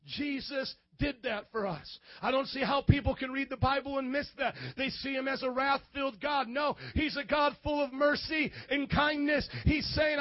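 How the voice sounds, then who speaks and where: A man who is a pastor, preaching a sermon in church with call-and-response, rising into shouts. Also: extremely high pitch, steady tone, moderate pace, few pauses, dry recording, highs cut off.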